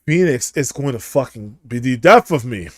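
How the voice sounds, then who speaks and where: A young man commentating a game playthrough in a casual, animated, profane, laughing way. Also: mid-range voice, moderate pace, no echo, clean studio sound. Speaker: streamer.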